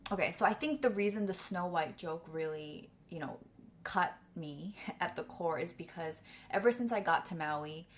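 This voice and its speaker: A woman's voice: fairly low pitch, normal speed, slight background noise. A young woman telling a personal story candidly, full of fillers and close to tears. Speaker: vlogger and coach.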